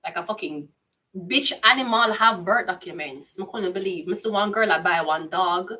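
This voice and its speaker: Bright-voiced Jamaican woman tarot reader. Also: fairly low pitch, normal speed, far from the mic. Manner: blunt, profane, chatty patois. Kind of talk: casual tarot reading.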